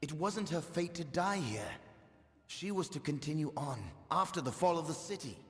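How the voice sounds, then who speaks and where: An actor playing a grave male fate-seer in a video game, speaking slowly and solemnly. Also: on the high side, expressive, a bit bright. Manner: slow, solemn delivery. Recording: game audio with reverb over music.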